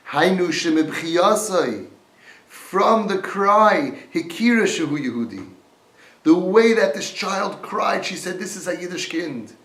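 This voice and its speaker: A man delivers an impassioned Torah talk, reading out Hebrew sources and explaining them in English. His voice sits fairly high, and the recording carries a noticeable roomy echo. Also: a bit bright. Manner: impassioned, quoting Hebrew texts and translating them. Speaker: Torah teacher.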